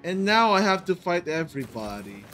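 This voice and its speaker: Exasperated gamer with lively bright voice. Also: mid-range voice, normal speed, faint music behind. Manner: exasperated, frequent loud outbursts and repeated exclamations. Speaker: gaming video host. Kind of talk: let's play commentary.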